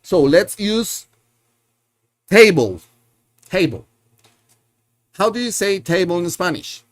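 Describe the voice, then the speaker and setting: Guy teaching spanish online, kinda high voice, talks slow, repeats stuff a lot and fixes himself mid-sentence. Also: very animated. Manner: patient, repeats words and drills learners; self-correcting, thinks aloud. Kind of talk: live online language lesson.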